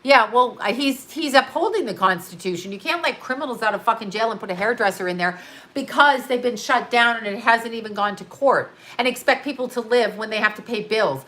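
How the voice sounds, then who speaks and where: A woman's voice: a little high, brisk, a bit bright. A woman hosting a casual livestream as an astrologer, rambling and blunt, swearing freely and tired after a long day of readings. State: tired, yawning. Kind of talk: casual livestream chat reading viewer comments. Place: her home studio.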